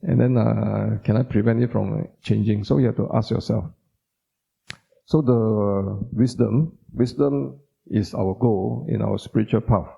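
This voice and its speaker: A man's voice: on the low side, fairly even intonation, a little slow, gravelly, warm tone, husky. A man giving an informal teaching talk, repeating words for emphasis and putting questions to the audience. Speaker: doctor giving a Buddhist talk. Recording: dull lo-fi sound.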